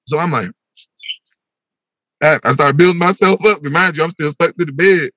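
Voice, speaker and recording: A young man telling a wild personal story on a podcast, animated and full of slang, acting out his own voice with big swings in pitch. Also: moderate pace, long pauses, dry recording. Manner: slangy, repeats "bro" and "yo".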